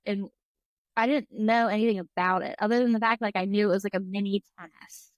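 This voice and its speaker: A woman's voice: mid-range voice, steady tone, fairly quick, no echo, highs cut off. A woman in her twenties, a podcast guest chatting casually and often saying "like". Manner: chatty, fills speech with "like". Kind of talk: casual chat.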